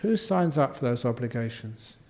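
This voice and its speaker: A man's voice: mid-range voice, animated, moderate pace, darkish tone. An older man, a Buddhist monk answering questions in a humorous dharma talk, playfully acting out quotes and sound effects.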